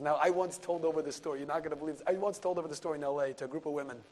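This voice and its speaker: Animated man telling a story in a lecture. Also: a little high, rapid-fire. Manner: animated storyteller, sprinkles Yiddish and Hebrew words, drops to a hush for key moments. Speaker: rabbi and lecturer. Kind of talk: storytelling Torah class.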